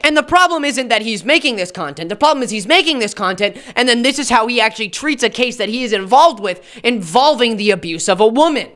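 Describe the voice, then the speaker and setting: A man's voice: very high voice, pushed and bright, clear, resonant tone. Sarcastic young American commentary guy. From United States. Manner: sarcastic, rambling, jokey asides. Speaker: commentary YouTuber. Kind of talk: commentary rant.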